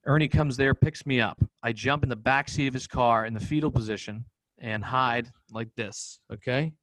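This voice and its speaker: A man from Boston, a podcast guest, telling a personal story in a blunt, profane, animated way and acting out what people said. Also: medium pitch, moderate pace, dry recording. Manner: blunt, profane, animated retelling with acted-out quotes.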